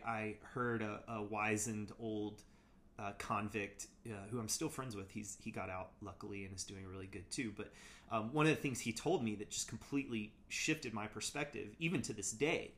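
A man with a lowish, fairly bright voice, speaking as an interview guest. He reflects casually on his past, hesitant and full of "like" and "you know", often restarting his sentences.

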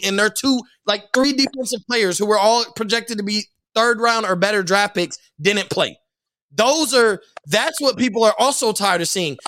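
A young man in casual sports podcast chat, animated and repetitive, saying "like" and "bro" a lot. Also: extremely high pitch, a little hiss or hum. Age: young adult. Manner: animated, repeats himself, says "like" and "bro" a lot. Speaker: podcast guest.

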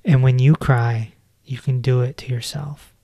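A man in his forties gives a reflective self-help talk as a podcast host, speaking in a gentle, earnest way. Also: medium pitch, level tone, measured pace, no room sound, clean studio sound. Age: 40s.

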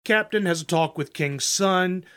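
A man's voice: sits high, a little slow, a bit bright, clean tone. A man chatting casually, blunt and foul-mouthed, who often repeats himself. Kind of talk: casual chat.

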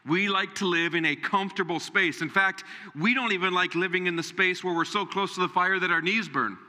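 A man preaching a sermon, animated and direct, often acting out Bible figures in a raised voice. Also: sits high, fairly quick. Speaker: pastor. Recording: reverberant hall.

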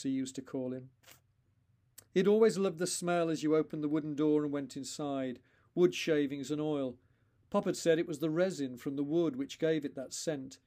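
A man, the author himself, reading his own short story aloud in a slow, deliberate narration with pauses between phrases. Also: on the high side, mellow.

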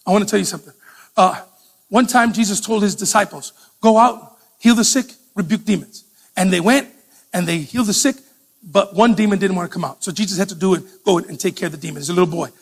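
A male preacher telling stories in an animated sermon, stumbling and restarting often. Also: high voice, fast. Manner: animated storytelling with many restarts. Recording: long hall reverb.

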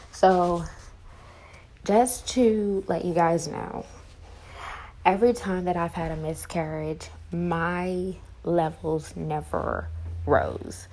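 A young woman telling a personal story to her viewers, halting with many fillers and restarts. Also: fairly low pitch, creaky, a little mellow, a little hiss or hum, poor audio. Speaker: vlogger.

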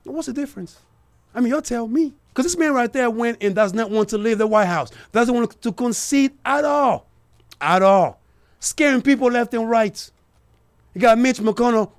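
On his talk radio show, a man whose voice sits very high moves at a moderate pace. His political commentary runs hot and emphatic, and he speaks straight to the people tuning in.

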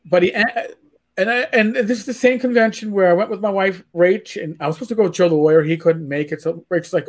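Man from new york, high voice, stammering, animated storytelling, podcast host. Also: fairly quick. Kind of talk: casual chat.

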